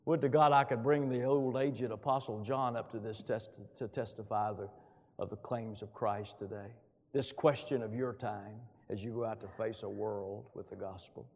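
Emphatic preacher in a reverberant hall. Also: male voice, fairly even intonation, moderate pace, darkish tone. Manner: emphatic, booming rises on quoted scripture. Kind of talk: sermon.

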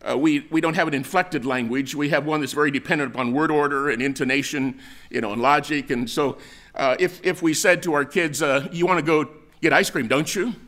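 Bright-voiced older man preaching casually. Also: fairly high pitch, brisk. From United States. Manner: conversational storytelling with many fillers and restarts. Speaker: pastor. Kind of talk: sermon.

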